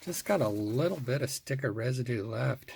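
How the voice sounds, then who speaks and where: A middle-aged man hosting his own collecting video, casually talking through his finds and getting excited over the rare ones. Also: medium pitch, normal speed, gravelly, a little hiss or hum. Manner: muttering softly while working, then bursting into excitement. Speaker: toy car collector and video host. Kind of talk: casual hands-on show-and-tell.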